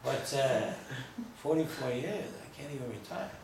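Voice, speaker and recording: Here the rabbi's voice sits at medium pitch, creaky and slightly mellow, expressive and measured in pace. He tells stories and cracks jokes in a loose, rambling lecture for a small group, captured far off in a reverberant room with faint noise.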